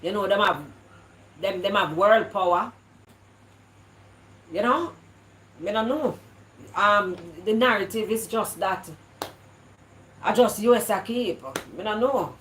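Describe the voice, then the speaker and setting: A woman's voice: medium pitch, slow, pauses often, a bit bright, roomy sound, slight background noise, low-quality recording. A Jamaican woman from Jamaica chatting casually to her live viewers, slipping into patois and often stumbling over and repeating her words. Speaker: vlogger. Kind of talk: casual live-stream chat.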